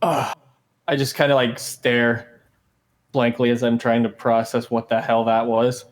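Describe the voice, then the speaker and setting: A man's voice: mid-range voice, level tone, unhurried. A man playing a tabletop game who talks loosely and rambles over a voice call. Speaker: player. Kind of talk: casual chat. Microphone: voice call microphone.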